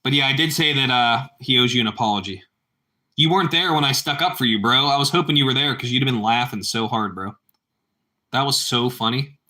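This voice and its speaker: Here a livestream host who is an adult parent rambles to his audience, repeating points and addressing them as bro. He talks fairly quickly in a sharp, medium-pitched voice.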